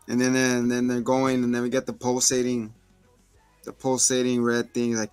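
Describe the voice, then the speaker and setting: A man co-hosting a podcast, retelling film scenes in an animated, slangy way. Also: medium pitch, moderate pace, smooth, no echo, soft background music. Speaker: podcast co-host reviewing a film. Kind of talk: casual chat.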